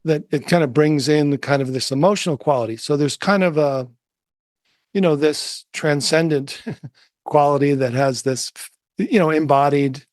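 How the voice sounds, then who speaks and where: A soft-spoken man of middle age recalls and reflects, trailing off and restarting as he searches for words. His voice sits a little high for a man, and the sound is dry, with no room around it. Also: moderate pace, no room sound. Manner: soft-spoken, musing, many fillers and restarts. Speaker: interview guest, meditation teacher. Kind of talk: reflective storytelling.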